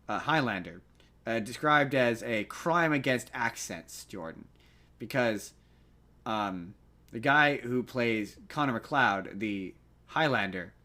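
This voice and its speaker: A man co-hosting a podcast, chatting casually and animatedly, slipping into quick jokey impressions. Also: mid-range voice, bright, forceful tone. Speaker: podcast co-host. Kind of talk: casual chat.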